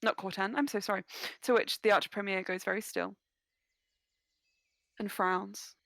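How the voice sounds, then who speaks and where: A woman narrating as game master of a tabletop game, playful and quick to laugh. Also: mid-range voice, steady tone, vocal fry, fairly bright tone, dry recording.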